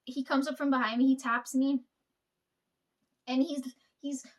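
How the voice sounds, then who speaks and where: High-voiced woman telling a rambling story. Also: fairly even intonation, unhurried. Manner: rambling, profane, laughs often. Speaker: vlogger. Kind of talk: casual storytelling.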